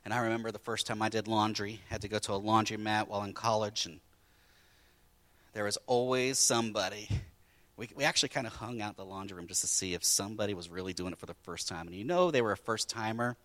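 A man preaching a sermon as a pastor, telling stories in a lively way that swings between loud and quiet. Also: fairly low pitch, fast.

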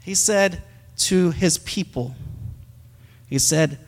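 A middle-aged male pastor giving an animated sermon, swinging between loud emphasis and soft, intimate talk. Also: fairly high pitch, a little slow, big-room sound.

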